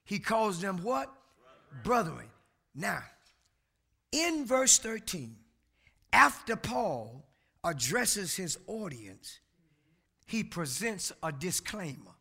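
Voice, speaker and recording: A man preaching a sermon who shouts his key words and banters with the congregation in folksy asides. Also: high voice, big pitch swings, slow pace, creaky, pauses often, breathy edge.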